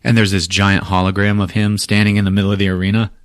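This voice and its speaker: A man hosting a podcast who recaps a movie in a casual, profane, animated way, laughing often. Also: fairly low pitch, fast, clean tone, no room sound, clean studio sound. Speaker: podcast host.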